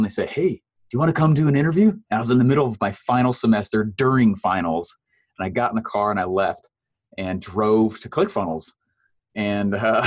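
Animated man telling his story. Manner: animated storyteller, acts out quoted voices with big pitch jumps; laughs often, fillers like "uh" and "man". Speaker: guest. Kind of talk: storytelling in a casual interview.

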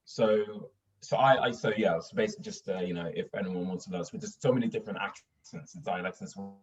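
Talking fast in a low voice, a guest actor from Sweden chats casually over a video call interview, his speech full of restarts and fillers. The recording sounds distant and dull, from a lo-fi mic.

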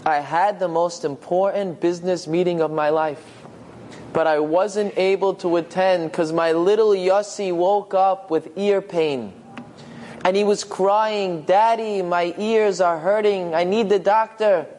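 Man voicing a gentle, loving old father. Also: sits high, fairly even intonation, a little slow, slight background noise. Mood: tender. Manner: tender, soft-spoken.

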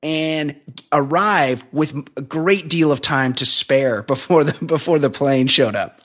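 A man's voice: a little high, unhurried, a bit bright. A man co-hosting a podcast, casually retelling a film's scenes in a rambling way with frequent laughs. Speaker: podcast co-host. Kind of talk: casual movie review chat.

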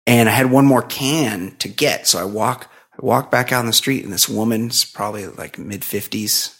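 A man's voice: fairly low pitch, moderate pace, a bit bright. A middle-aged man co-hosting a podcast, telling a long casual story full of "like" and frequent laughs. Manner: rambling anecdote full of "like", laughs often. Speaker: podcast co-host.

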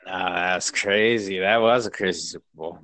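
Deep-voiced, easygoing male podcast co-host. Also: moderate pace, fairly bright tone, no echo, poor audio. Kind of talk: casual sports chat.

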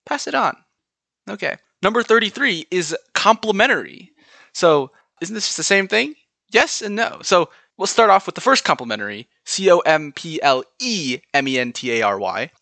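A man's voice: sits high, big pitch swings, moderate pace, pushed and bright, dry recording. A man with a General American accent hosting a solo podcast, chatting through word lists and spelling words out letter by letter. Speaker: podcast host.

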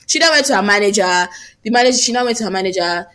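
A woman's voice: on the high side, racing, fairly bright tone. A young woman, telling a story in a casual podcast chat and acting out other people's lines.

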